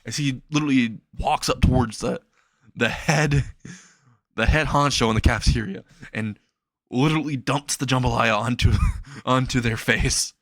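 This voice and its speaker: A man's voice: medium pitch, moderate pace, fairly bright tone, no room sound, clean studio sound. A man casually improvising a fan story, chuckling and rambling with frequent restarts.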